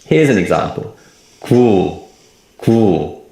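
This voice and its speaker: A man teaching a recorded lecture, explaining clearly and repeating example words slowly. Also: low-pitched, animated, dark tone, heavy reverb. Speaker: language teacher.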